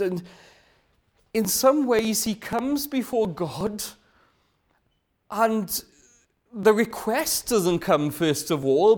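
A man's voice: high-pitched, a little mellow. A man preaching a sermon. He asks rhetorical questions, repeats phrases for emphasis and sometimes drops to a whisper.

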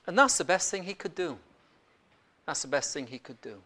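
A preacher retelling a gospel story and drawing lessons for the listeners, swinging between loud and hushed. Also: mid-range voice, expressive, normal speed. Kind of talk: sermon.

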